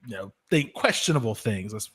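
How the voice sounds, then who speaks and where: A man's voice: fairly low pitch, very animated, brisk, a bit bright, breathy edge. A man on a livestream panel who talks wryly and hedges with frequent fillers. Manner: wry, hedging with fillers. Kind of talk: casual livestream panel chat.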